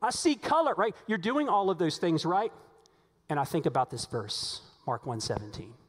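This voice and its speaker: A man preaching a sermon as pastor, telling stories animatedly, his voice climbing when excited. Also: a little high, moderate pace, slightly rough. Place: church sanctuary. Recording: long hall reverb.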